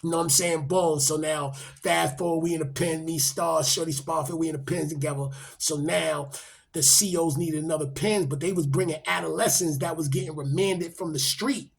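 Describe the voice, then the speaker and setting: A man's voice: on the high side, moderate pace, creaky, slightly rough. A middle-aged man, telling a story in casual street talk and acting out the quotes. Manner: animated, acts out quotes, rising loud when excited.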